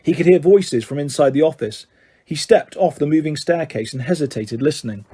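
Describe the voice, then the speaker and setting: A man narrating a fantasy audiobook in a steady storytelling manner. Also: fairly high pitch, fairly quick, slightly rough.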